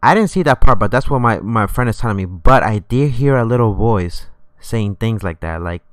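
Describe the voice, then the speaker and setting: Low, smooth-voiced man telling a ghost story. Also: normal speed, no echo. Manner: animated, rambling, swearing often. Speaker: streamer. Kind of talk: casual live-stream storytelling.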